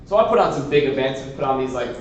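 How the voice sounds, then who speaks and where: A man from Washington state giving a motivational keynote to a youth assembly. He tells stories in an animated, lively way and laughs often. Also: mid-range voice, fast talker, dull audio, a little hiss or hum. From Washington state, USA. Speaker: keynote speaker. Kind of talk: motivational storytelling speech. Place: large indoor assembly hall. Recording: very echoey hall, speaker far from mic.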